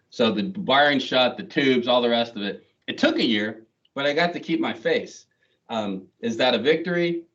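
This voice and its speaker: A middle-aged man giving a chatty, self-deprecating talk to an audience, with many fillers and restarts. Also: mid-range voice. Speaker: guest speaker. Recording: distant, dull lo-fi sound.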